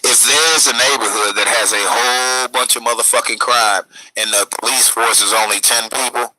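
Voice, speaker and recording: A man lectures in a preachy, profane rant. His voice is bright, sharp and husky, recorded dry and close. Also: medium pitch, steady tone, normal speed, no room sound, poor audio. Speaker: speaker in a played clip.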